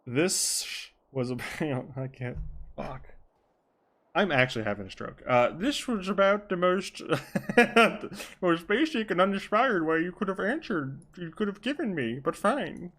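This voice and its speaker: Guy doing a pushy cop detective, wobbly fake british accent, way higher than his normal voice, slow and bossy. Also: animated, a bit bright, exaggerated voice. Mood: scornful. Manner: clumsy put-on British accent drifting southern. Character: gruff pushy male police detective. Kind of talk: voice acting in online role-play.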